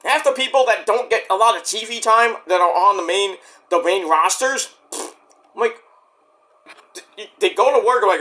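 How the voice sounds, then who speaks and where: A man's voice: sits high, normal speed, pauses often, bright, forceful tone. A man ranting casually about wrestling, profane and rambling, acting out quoted voices along the way. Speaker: wrestling commentary vlogger. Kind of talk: casual rant.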